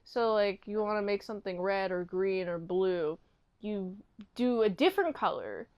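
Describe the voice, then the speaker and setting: A woman giving a casual recap and review of a TV episode, chatty and animated, often slipping into quick impressions of the characters. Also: medium pitch, clean tone, muffled recording. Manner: animated retelling, acting out characters' lines; chatty, peppered with "like".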